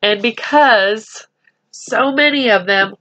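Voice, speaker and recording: A woman reading a storybook aloud to children, speaking slowly and gently and adding chatty asides to them. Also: fairly high pitch, slight background noise.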